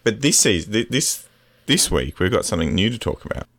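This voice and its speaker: A man's voice: fairly low pitch, big pitch swings, brisk, a bit bright. A man co-hosting a casual podcast, rambling and hesitant, chuckling as he goes. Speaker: podcast co-host.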